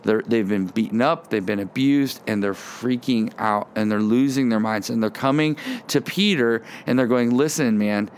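A man's voice: medium pitch, moderate pace. A man preaching a sermon outdoors in the wind, earnest and repeating words as he acts out quoted voices. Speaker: pastor. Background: wind noise.

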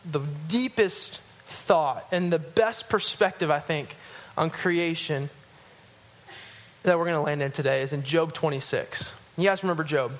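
A man preaching to his congregation, animated and rising at emphatic points, dropping low and quiet when he reads scripture. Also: a little slow. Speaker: pastor. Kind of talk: sermon.

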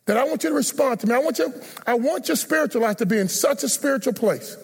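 A man's voice: very high-pitched, expressive, fast talker, darkish tone, breathy edge, big-room sound. A man preaching as a pastor, earnestly and repeatedly inviting listeners forward during an altar call in a church. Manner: earnest, repetitive pleading invitations. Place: church sanctuary.

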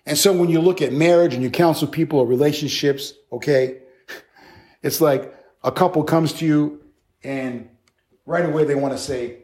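A male pastor preaching a sermon in an animated, conversational way, with playful acted asides. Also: on the high side, moderate pace.

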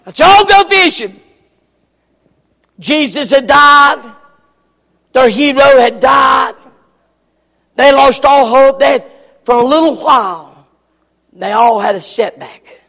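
A man preaches in a slow, drawn-out way. His voice sits very high for a man and has a gravelly edge. He repeats his phrases and rises into sudden shouts, and his words echo with a long tail through a large church hall. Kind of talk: sermon.

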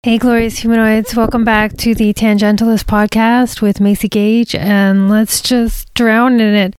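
A woman hosting her own podcast, talking casually and candidly in a rambling, halting way, full of restarts and self-corrections. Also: fairly high pitch, level tone, a little mellow, smooth, no room sound, faint music behind. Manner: candid, confiding. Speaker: podcast host. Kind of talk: casual solo podcast monologue.

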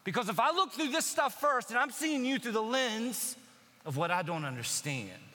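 A man preaching a sermon in a lively, conversational way, acting out quotes and shifting between loud asides and quiet, low emphasis. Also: normal speed, long reverb tail. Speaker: pastor. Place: church sanctuary.

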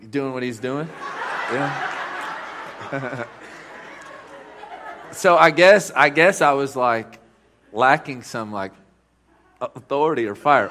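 Man, guest preacher, church sermon, animated storyteller, chuckling, sharp bright tone. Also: mid-range voice, a little hiss or hum. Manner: animated storytelling, chuckling, loud bursts when quoting.

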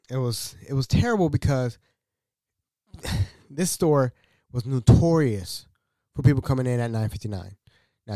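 A man hosting a podcast, telling a workplace story in an animated, slangy way and acting out the dialogue. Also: mid-range voice, no echo, studio quality. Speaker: podcast host.

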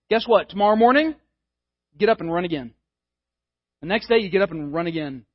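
A man's voice: high-pitched, quick pace, long pauses, dry recording, dull audio. A male pastor giving a conversational, emphatic sermon, often repeating words as he builds a point.

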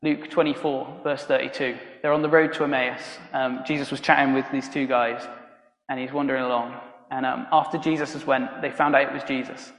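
A man's voice: medium pitch, little pitch movement, a bit bright. A man preaching a sermon in a loose, conversational way, with frequent ums and restarts. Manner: conversational and halting, many ums and restarts, laughs at own stories. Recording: roomy hall reverb.

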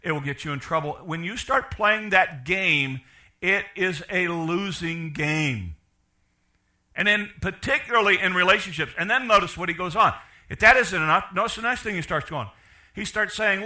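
A middle-aged male pastor delivering a lively sermon in a high, strikingly bright voice. He acts out the people he quotes and often stumbles and restarts mid-thought. His pitch swings widely from low asides to raised emphatic points. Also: normal speed. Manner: animated preaching, voices quoted characters, repeats and restarts.

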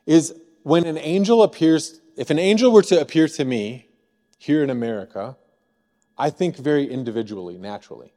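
A man from Missouri preaching a sermon as pastor, in a conversational way, often asking the room a quick "right?". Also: fairly high pitch, mellow, long reverb tail. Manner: conversational, frequent rhetorical "right?". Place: church sanctuary.

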